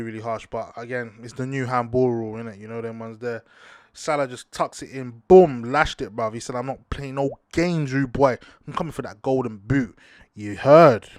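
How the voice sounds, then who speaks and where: Young man, slangy football rant. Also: no echo. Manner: animated, slangy, rants with bursts of high-pitched outrage. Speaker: football podcast host. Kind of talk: casual sports talk monologue.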